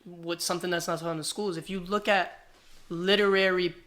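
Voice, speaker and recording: A man's voice: sits high, brisk. A man, a rapper guest, telling stories in a casual podcast chat, acting out the exchanges he describes. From New Jersey, US. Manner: animated storytelling, acts out quoted exchanges.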